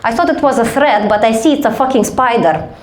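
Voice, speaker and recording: A woman's voice: fairly high pitch, a little fast, roomy sound. Profane young woman doing stand-up. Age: young adult. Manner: profane, deadpan storytelling with acted quotes. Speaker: stand-up comedian. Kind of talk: stand-up storytelling.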